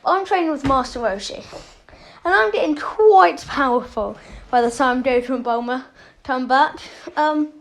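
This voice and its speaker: Casual storyteller, woman with a high voice, loose and rambling, lots of fillers. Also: normal speed. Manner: rambling, with many fillers and self-corrections. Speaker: channel host.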